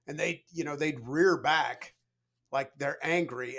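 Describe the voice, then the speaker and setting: A middle-aged man, a leadership coach, chatting as a podcast guest and telling stories in a relaxed way, full of "you know". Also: on the high side, normal speed. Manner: storytelling, relaxed, frequent "you know" fillers. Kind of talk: conversational podcast interview.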